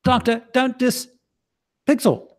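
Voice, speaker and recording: A man's voice: very high-pitched, steady tone, slow. A man hosting a casual livestream, rambling and jokingly teasing his co-host. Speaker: streaming show host.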